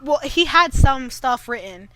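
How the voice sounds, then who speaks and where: Young woman co-host, high bright voice, dry close sound, teasing banter. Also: animated, a little slow, no echo. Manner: teasing, exasperated. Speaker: podcast co-host. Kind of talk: casual chat.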